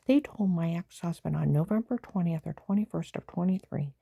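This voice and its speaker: Very gravelly, husky low-voiced woman. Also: normal speed, mellow, dry recording. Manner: aggrieved, rambling, talks in bursts of anger. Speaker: vlogger. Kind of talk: rambling personal monologue.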